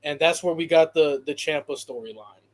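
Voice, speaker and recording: A man's voice: on the high side, brisk, a little hiss or hum. Emphatic swearing podcast co-host man. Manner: emphatic, swears a lot, theatrical outbursts. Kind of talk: casual wrestling chat.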